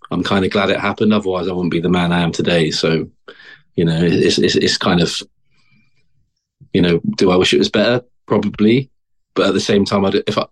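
Low-voiced bloke, ex marine, chatting loose with lots of ums. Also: male voice. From England. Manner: relaxed, hesitant, many fillers. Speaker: guest, former Royal Marine. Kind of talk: casual interview talk.

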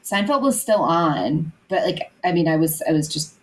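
Low-voiced young woman, rambling chat. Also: lively intonation, moderate pace, low-quality recording. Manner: rambling, heavy on "like" and restarts. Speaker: podcast co-host. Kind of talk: casual chat.

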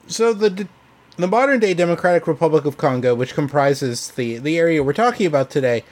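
A man presents facts on a casual podcast. He hesitates often, with filler sounds and restarts, and his voice sits a little high. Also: lively intonation, brisk. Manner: hesitant, many ums and restarts. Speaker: podcast host presenting research.

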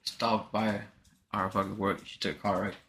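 A young man in crude casual banter, throwing in quick profane wisecracks. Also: on the low side, level tone, crowd noise.

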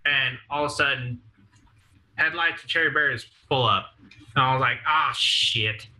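Bright-voiced young man telling wild stories. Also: mid-range voice, normal speed, low-quality recording. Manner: profane, laughing storyteller acting out quotes. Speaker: podcast guest. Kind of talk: casual storytelling.

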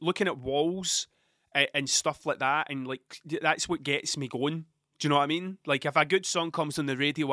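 A Scottish man in his thirties talks into a close microphone in a dry, non-reverberant space. His voice sits a little high and sounds bright and forceful. He rambles, swears often and restarts his sentences. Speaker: podcast host. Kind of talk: casual storytelling monologue.

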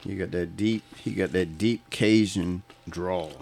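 A man's voice: low-pitched, unhurried, gravelly, a little mellow, a little hiss or hum. A man telling funny work stories in a profane, laughing, casual chat, often mimicking people.

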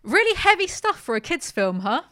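A woman's voice: very high-pitched, big pitch swings, fairly quick, sharp tone, no room sound, studio quality. A woman hosting a podcast, reading headlines aloud and mocking them with sarcastic, swearing asides. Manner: sarcastic, swears, laughs often. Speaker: podcast host.

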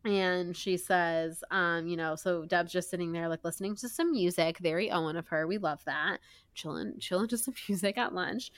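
A woman's voice: on the low side, normal speed, no room sound. A young woman co-hosting a book podcast, recapping a chapter in loose, laughing chat full of fillers. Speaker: podcast co-host. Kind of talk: casual book-club chat.

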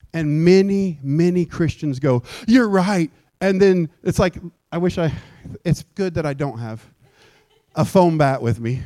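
A man preaching a sermon in a church, animated, acting out little scenes with shouts and mock voices. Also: a little high, no echo, studio quality. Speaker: pastor. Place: church sanctuary.

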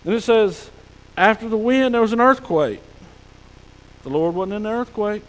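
Man, pastor, high voice, folksy sermon, long church reverb. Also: expressive, normal speed. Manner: folksy preaching, drops to soft hushed tones for God's whispers. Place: church sanctuary.

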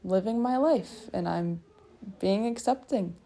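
Her voice sits at a medium pitch, warm and edged with vocal fry, and she takes her time. This young woman wanders through personal musings in loose circles, often mocking herself along the way. Faint sounds of people in the hallway carry in the background.

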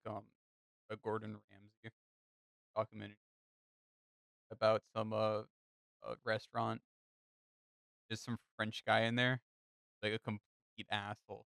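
A young man chatting casually on a podcast, drifting through a story with lots of "like" and "uh". His voice sits a little low and smooth. The sound is dry and close. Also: a bit bright, no echo. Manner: rambling storyteller, many fillers. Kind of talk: casual chat.

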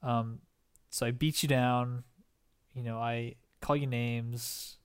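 A man's voice: mid-range voice, fairly even intonation, slow pace, clean tone. A young man co-hosting a casual chat, rambling and hesitant as he improvises a hypothetical scenario. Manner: rambling, hesitant, restarts often while improvising. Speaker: podcast co-host.

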